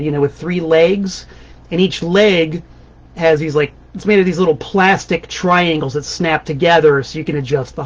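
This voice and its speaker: High-voiced man, playful mock-grand host. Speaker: guest host of a band's live stream. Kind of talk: casual comic monologue. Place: home desk. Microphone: webcam on his desk. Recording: dull lo-fi webcam stream.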